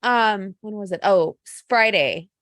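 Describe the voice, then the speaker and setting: A woman co-hosting a casual podcast, gushing and animated as she tells stories. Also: mid-range voice, measured pace, no echo, studio quality. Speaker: podcast co-host. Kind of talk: casual chat.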